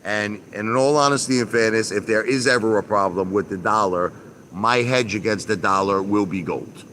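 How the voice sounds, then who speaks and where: Guy ranting on his live stream out by the pool, lowish voice, bright edge, faint outdoor hum behind. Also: moderate pace. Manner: repetitive, emphatic, mildly profane. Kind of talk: casual live-stream rant. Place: backyard by a pool.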